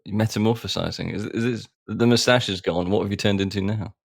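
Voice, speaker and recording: A man's voice: fairly low pitch, steady tone, a little fast, gravelly, no room sound, clean studio sound. A man co-hosting a podcast, joking and laughing his way through casual banter. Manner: jokey, self-mocking, laughs often. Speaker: podcast co-host.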